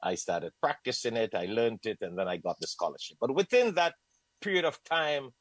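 This is a man from Trinidad whose speech slides between Trinidadian, British and American sounds. He tells his own story as a guest, animated and quick to laugh, with a habit of repeating himself. His voice sits in an ordinary middle range and comes across dry and close. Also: mid-range voice, no room sound, poor audio. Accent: Trinidadian mixed with British and American. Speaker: guest, Muslim scholar. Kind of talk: conversational storytelling.

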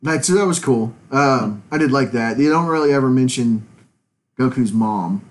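A man's voice: mid-range voice, moderate pace. A man co-hosting a podcast, talking casually and opinionatedly, often laughing. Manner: opinionated, animated fan talk with laughs. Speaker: podcast co-host. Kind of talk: casual chat.

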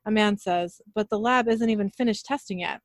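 Speaking briskly at medium pitch, a dry-voiced woman narrates a casual recap of an episode, reading the lines aloud. She gives every character her own voice and laughs when she slips up, all in a dry recording.

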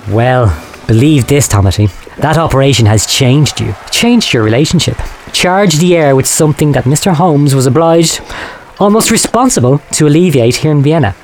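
A man's voice: fairly high pitch, animated, normal speed, slight background noise, close to an everyday voice. A man playing a sinister manipulative doctor. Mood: insinuating. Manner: smooth, insinuating, menacing. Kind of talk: comic audio drama.

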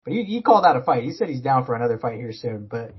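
Husky-voiced man rambling on a podcast. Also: medium pitch, big pitch swings, rapid-fire, dull audio. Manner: rambling, many fillers and restarts. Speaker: podcast co-host. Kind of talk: casual sports podcast chat.

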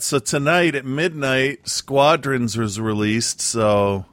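A man's voice: mid-range voice, fairly even intonation, slow, fairly bright tone, dry recording. A man co-hosting a podcast, telling stories in a rambling, hesitant way with many fillers. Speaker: podcast co-host. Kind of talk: casual chat.

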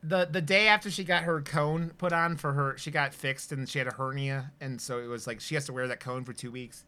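Bright-voiced casual male podcaster. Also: mid-range voice, fairly even intonation, a little fast. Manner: rambling, swears freely, many fillers. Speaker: podcast co-host. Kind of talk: casual chat.

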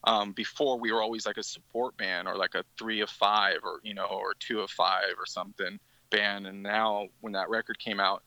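A man's voice: on the low side, little pitch movement, moderate pace, hardly any pauses, pushed and bright, no room sound, rough recording. A man, a band's guitarist, telling a rambling story in a casual podcast interview, with many restarts. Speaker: musician guest.

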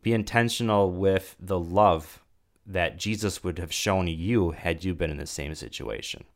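A man co-hosting a faith-based conversation, speaking haltingly and repeating words as he thinks. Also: sits low.

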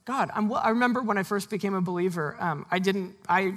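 A pastor preaching a sermon in a loose, conversational way, breaking into quick laughs and slipping into the voices of the people in the story. The voice is husky and sits at a middle pitch. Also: a bit bright.

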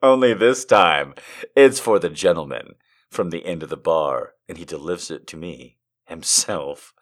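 A man speaking at normal speed in a low register reads an erotic tale aloud for fun. His delivery is mock-dramatic, lurching from whispers to shrieks, full of laughter and profanity.

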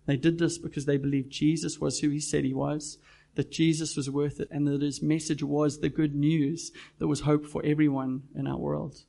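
A man's voice: on the high side, flat delivery, normal speed, creaky, dark tone. A pastor preaching a sermon to his church, earnest and direct, putting questions to the congregation.

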